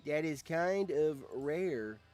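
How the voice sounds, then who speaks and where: A man hosting a channel, giving casual reaction commentary on a game simulation, swinging from low muttering to excited shouts. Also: slow, faint music behind. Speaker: channel host and streamer.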